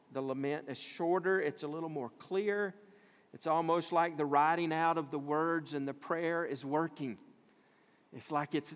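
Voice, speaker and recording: Preaching man in a reverberant hall. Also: a little high. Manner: conversational preaching, reads scripture aloud, acts out little scenes. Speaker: pastor. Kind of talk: sermon.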